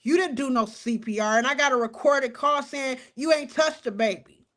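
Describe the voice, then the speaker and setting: A woman in her forties giving fired-up casual commentary on a crime case, outspoken and animated, talking straight to her viewers and cussing as she goes. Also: high voice, moderate pace. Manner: animated, outspoken, cusses and addresses viewers as y'all.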